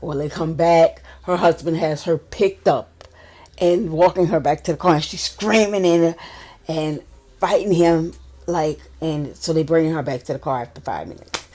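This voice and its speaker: Low-voiced New Orleans woman storyteller. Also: unhurried. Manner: chatty, relaxed, repeats phrases while telling a story. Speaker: vlogger. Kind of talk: casual storytime.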